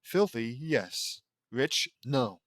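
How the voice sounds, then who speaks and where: A man's voice: medium pitch, expressive, extremely slow, no room sound. A man voicing a skeptical little girl genius who dismisses predictions in a dry, dismissive way.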